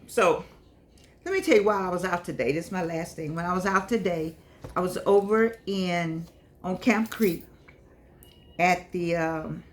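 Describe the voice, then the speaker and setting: Older woman, chatty and scolding. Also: lowish voice. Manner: chatty, scolding, repeats herself, animated rises. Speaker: vlogger and author. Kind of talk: casual monologue to camera.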